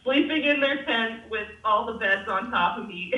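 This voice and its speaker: A young woman chats with a guest's easy frankness, swearing freely as she spins a lively story. Her voice is bright and forceful. It sounds distant and dull, in a roomy space. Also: fairly high pitch, slow pace. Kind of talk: casual chat, storytelling.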